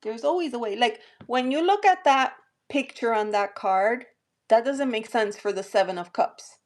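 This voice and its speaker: A woman from New Jersey with a light accent, talking gently and reassuringly with many fillers while hosting a live tarot stream. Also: on the high side, normal speed. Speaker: tarot reader hosting a livestream. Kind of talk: live-stream chat and readings.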